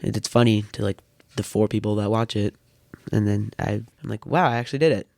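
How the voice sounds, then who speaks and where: A man's voice: on the low side, fairly quick, gravelly, a little mellow, dry recording. A thirteen-year-old boy chatting casually as a podcast guest, rambling with a dry wit. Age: teens. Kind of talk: casual chat.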